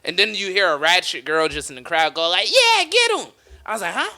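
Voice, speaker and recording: A young man casually telling a comedy story, lively, laughing often and acting out the people in it. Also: fairly high pitch, quick pace. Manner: animated, acts out voices of others, laughs often.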